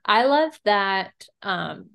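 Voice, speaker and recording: A woman's voice: mid-range voice, expressive, extremely slow, gravelly, fairly bright tone. A woman co-hosting a podcast in casual chat, talkative, swearing freely and laughing often. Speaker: podcast co-host. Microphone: remote call recording.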